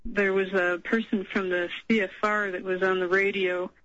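A woman caller from Colorado talks hesitantly over the phone, her voice sitting at a middle pitch. She fills her pauses with frequent ums, and her voice sounds close and dry. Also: little pitch movement, a bit bright, dry recording, dull audio. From Colorado, USA. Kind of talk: phone-in conversation.

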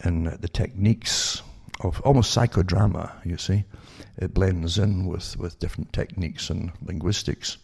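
A man with a low, gravelly voice talks through news articles for his listeners in loose, rambling bursts. His tone is dark and husky, and he keeps breaking off and restarting to fire rhetorical questions at the audience. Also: steady tone, normal speed, few pauses. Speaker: online commentator reading news articles. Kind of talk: rambling spoken commentary to listeners.

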